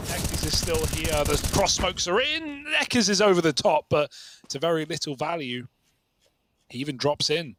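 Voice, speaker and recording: A man commentating an esports match play-by-play on a headset, quick and jokey between calls. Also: on the high side, a bit bright, a little hiss or hum.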